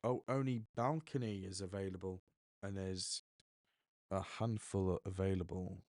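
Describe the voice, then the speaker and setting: A man's voice: deep voice, fairly even intonation, measured pace, darkish tone, dry recording, studio quality. A young man hosting a podcast, rambling chattily and correcting himself as he goes. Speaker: podcast host. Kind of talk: casual solo podcast monologue.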